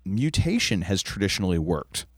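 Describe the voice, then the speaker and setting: Casting note: lively low-voiced man, podcast co-host, dry close sound. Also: normal speed, slightly rough, no echo. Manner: animated, jumps up high for quoted lines. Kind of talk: casual chat about TV.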